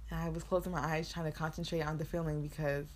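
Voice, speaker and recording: A woman's voice: deep voice, flat delivery, quick pace, a little mellow. A young woman co-hosting a podcast, telling a long story in casual chat and acting out the quotes with changed voices. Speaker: podcast co-host.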